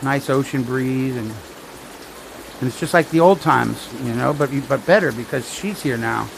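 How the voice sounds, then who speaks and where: Gravelly man telling jokes on a stream. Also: medium pitch, moderate pace, a little hiss or hum, poor audio. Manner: rambling storyteller, dry asides. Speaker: storm-watching vlogger. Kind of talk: casual joke-telling livestream.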